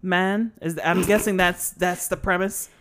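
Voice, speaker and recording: A woman's voice: fairly low pitch, steady tone, measured pace, a bit bright. A woman co-hosting a casual film podcast, talking in a rambling way with many fillers and restarts. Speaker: podcast co-host. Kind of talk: casual chat about a film.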